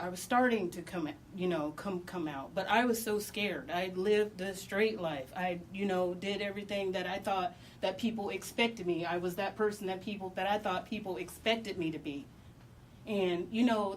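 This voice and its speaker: A woman telling her own story in a halting, emotional way, with many pauses and restarts. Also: fairly low pitch. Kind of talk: personal storytelling. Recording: distant mic with faint background noise.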